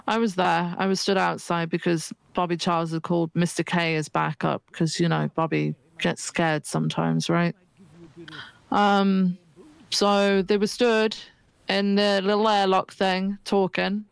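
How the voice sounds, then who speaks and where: A man speaking in character during a roleplay, rambling and restarting as he explains. His voice is gravelly yet smooth, and it sounds dry and close. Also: high-pitched, flat delivery, a little slow, no room sound.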